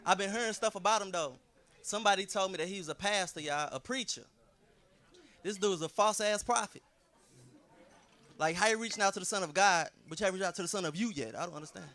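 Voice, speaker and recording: A man's voice: sits high, fast talker, pushed and bright. A man doing a laid-back, self-deprecating stand-up comedy set in a club.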